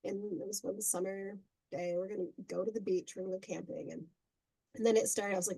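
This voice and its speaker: A middle-aged woman, a podcast guest, telling family stories in a casual, animated way with frequent laughter. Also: medium pitch, fairly quick, gravelly, husky, no echo, rough recording. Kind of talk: casual storytelling.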